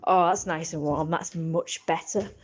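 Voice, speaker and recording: A woman's voice: sits low, steady tone, measured pace. A woman, rambling casually in a vlog, swearing and chatty. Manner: swearing, chatty, laughing at own jokes. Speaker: vlogger.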